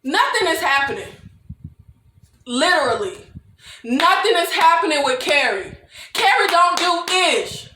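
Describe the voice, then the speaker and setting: Animated woman with a high voice. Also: unhurried, long pauses, roomy sound, slight background noise. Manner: animated, laughs often, mock-quotes characters in exaggerated voices. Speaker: TV recap vlogger. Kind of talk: casual comedic TV recap.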